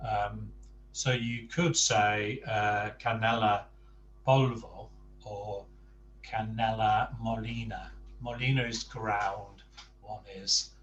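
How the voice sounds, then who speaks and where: A man teaching Spanish, patiently correcting pronunciation and encouraging his student, often trailing off softly. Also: lowish voice, fairly even intonation, takes it slowly, echoey room, recorded from a distance, dull audio, a little hiss or hum. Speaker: Spanish tutor. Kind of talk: online language lesson, coaching pronunciation.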